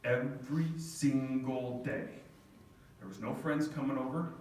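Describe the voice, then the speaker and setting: A man's voice: medium pitch, steady tone, a little slow, darkish tone, slight background noise. A middle-aged man telling a heartfelt, self-deprecating family story to an audience, now and then near tears. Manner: heartfelt, self-deprecating, quoting his daughter. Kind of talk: storytelling talk. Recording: echoey hall, voice from far off.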